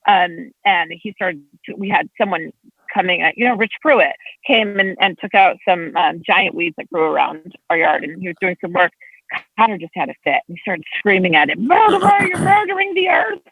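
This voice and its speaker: Speaking at a moderate pace in a creaky, husky voice, this woman, a state legislator, tells animated stories as a chat guest, her pitch swinging widely. No room sound comes through the tinny, telephone-like recording.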